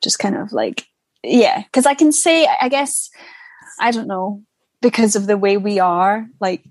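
A woman's voice: medium pitch, expressive, measured pace, no echo. A young Scottish woman with a Scottish accent, an actor chatting as a guest in a casual interview, rambling with many restarts and fillers. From Scotland. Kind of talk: casual interview over a call.

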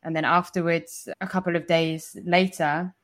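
Chatty, swearing woman with a lowish voice. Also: level tone, normal speed. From foreigner living in India. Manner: chatty, with frequent swearing and many "like" fillers. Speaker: podcast co-host. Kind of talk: casual storytelling chat.

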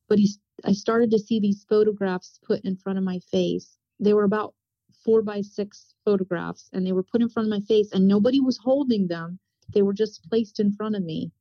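A woman's voice: medium pitch, no room sound. A woman earnestly recounting a personal spiritual experience, repeating herself as she tells it. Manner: earnest, repetitive retelling. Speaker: testimony speaker. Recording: dull, dry, lo-fi sound.

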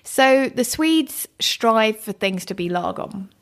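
A woman chatting as a guest in an interview, telling stories about food and places in a lively, conversational way. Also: on the high side, slow. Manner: chatty, warm storytelling with laughs. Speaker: guest, cook. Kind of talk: casual interview chat.

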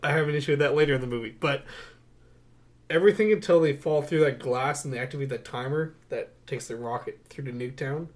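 A young man co-hosting a podcast, chatting casually about movies with a wry, sarcastic, animated delivery. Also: medium pitch, fast talker. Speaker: podcast co-host. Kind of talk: casual movie-review chat.

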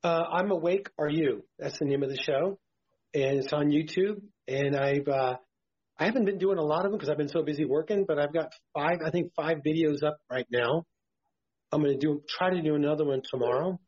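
Tired, husky man preaching on a podcast. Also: on the high side, brisk, darkish tone. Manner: rambling, stammering preachy talk. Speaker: podcast co-host. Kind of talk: casual Christian podcast talk. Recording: dull lo-fi podcast audio.

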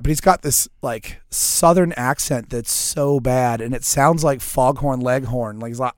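A man from near New Orleans co-hosting a podcast in casual chat, his mid-pitched voice dry and close to the mic. He swears freely and delivers his jokes deadpan. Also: a little slow, hardly any pauses, dry recording. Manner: profane, deadpan humor. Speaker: podcast co-host.

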